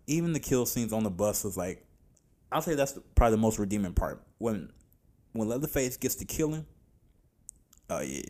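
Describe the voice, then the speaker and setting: Animated, profane man ranting about films. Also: on the low side, moderate pace. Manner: animated, profane, exasperated, slangy. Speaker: podcast host reviewing films. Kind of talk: casual rant review.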